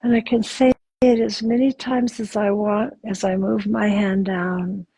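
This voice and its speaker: Soft breathy lady leading a slow guided body exercise, whispery and calm. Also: medium pitch, dry recording, rough recording. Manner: soft, slow, soothing, with sighs and whispered affirmations.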